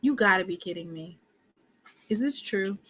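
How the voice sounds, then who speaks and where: Animated, bright-voiced woman podcast host. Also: medium pitch, normal speed, breathy edge. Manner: animated, exclaiming, joking with viewers. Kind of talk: casual livestream chat.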